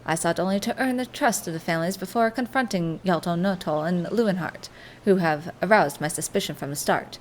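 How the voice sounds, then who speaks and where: A woman voicing a flamboyant, overconfident male gentleman detective who makes theatrical declarations. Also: fairly low pitch, brisk, slight background noise, lightly acted. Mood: grandiose.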